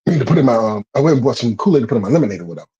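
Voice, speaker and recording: A man telling stories in a casual, profane chat, animated and laughing often. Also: medium pitch, rapid-fire, dull audio.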